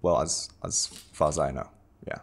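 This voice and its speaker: His voice rumbles low, creaky and slightly rough, with fairly even intonation at a moderate pace. He's a Japanese native speaker in his twenties with British-tinged English, a lifestylist giving a loose, casual self-introduction full of repeated words and jokey asides.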